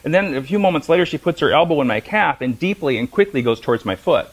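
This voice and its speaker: A middle-aged man teaches a class of massage therapists, talking at a brisk clip. He tells stories with humor and acts out the voices of people in them. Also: on the high side, lively intonation, husky, poor audio. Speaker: massage instructor. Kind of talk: lecture to a class.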